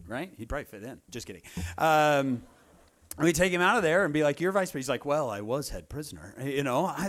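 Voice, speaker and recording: A man's voice: sits high, a bit bright. A man giving a humorous sermon, telling a story and acting out the characters' lines. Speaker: speaker at a church meeting.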